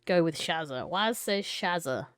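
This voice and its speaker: A woman's voice: lowish voice, animated, unhurried, smooth, dry recording. A young adult woman live-streaming a choice game, reading it aloud and chatting playfully with viewers, laughing and swearing casually.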